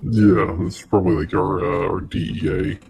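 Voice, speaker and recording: A man's voice: sits low, steady tone, normal speed, gravelly, a little mellow, a little hiss or hum. A man co-hosting a podcast, joking loosely in casual chat. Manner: loose, laughing banter.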